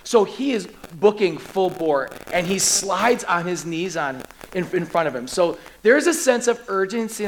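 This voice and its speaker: A man's voice: high-pitched, moderate pace, hardly any pauses, a little hiss or hum, low-quality recording. A middle-aged man preaching a sermon as lead pastor, acting out scripture scenes with urgency. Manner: animated, acts out scripture scenes with pleading urgency.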